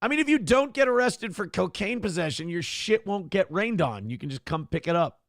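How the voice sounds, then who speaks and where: A man hosting a morning show, reading viewer chat in a casual, sardonic way and cursing freely. His voice sits a little high and swings widely in pitch, jumping up into a sing-song for the lines he quotes. The sound is dry and close, with no room around it. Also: big pitch swings, brisk, no room sound. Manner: sardonic, mock-indignant, swears freely.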